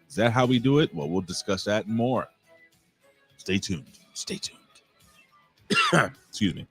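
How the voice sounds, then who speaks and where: A man's voice: deep voice, moderate pace, long pauses, a bit bright, soft background music. A middle-aged man hosting a wrestling review stream, rambling casually, swearing and greeting viewers in the chat. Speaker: wrestling review show host.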